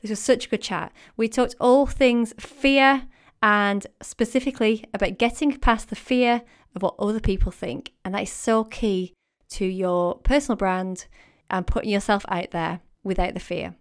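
A woman's voice: mid-range voice, fairly even intonation, normal speed, clean tone. A woman from England with a northern English accent, hosting a podcast interview in a bubbly, giggly, enthusiastic way.

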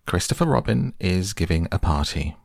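A man's voice: low voice, expressive, normal speed, vocal fry, a little mellow, dry recording, clean studio sound, heavily acted. A man voicing a fussy, self-important male owl who talks in an insistent, slightly pompous way in a storybook reading.

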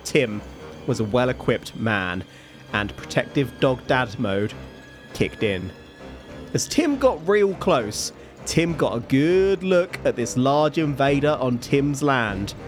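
A man narrates a tale on a podcast at an unhurried, deliberate pace. His voice sits in an ordinary middle register, and he breaks off often into laughter and wisecracks. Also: medium pitch, soft background music. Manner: slow, laughing, jokey storyteller. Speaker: podcast host. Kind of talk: storytelling podcast chat.

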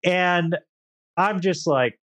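A young man on a podcast, casually telling a profane, animated story and acting out the other people in it. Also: high-pitched, very slow. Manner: profane, animated storyteller doing quoted voices. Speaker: podcast co-host.

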